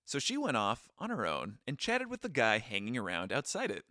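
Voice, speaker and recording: Young man, podcast co-host, casual travel storytelling, very animated, bright tone. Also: mid-range voice, fairly quick, no echo, studio quality. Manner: animated, goofy impressions, reads from notes.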